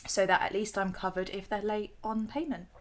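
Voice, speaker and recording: A woman's voice: mid-range voice, level tone. A woman co-hosting a casual podcast debate, her voice sitting mid-range. She argues her side in a chatty way and breaks into giggles easily. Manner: giggly, quick to laugh. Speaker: podcast co-host.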